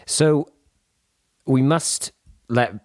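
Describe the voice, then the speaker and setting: Playful, teasing podcast host. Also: female voice, rumbling low, drawn-out words, darkish tone. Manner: playful, teasing, self-deprecating. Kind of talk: casual chat. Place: small room in a historic house.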